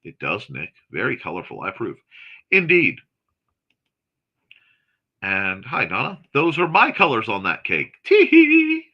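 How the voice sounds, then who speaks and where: Guy hosting a morning stream, reads chat out loud, voice bouncing all over, excitable and snarky. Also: deep voice, husky, highs cut off. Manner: chatty and excitable, quick asides and snarky jokes. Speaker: host of a morning livestream chat show. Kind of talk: casual livestream chat, reading viewer comments aloud.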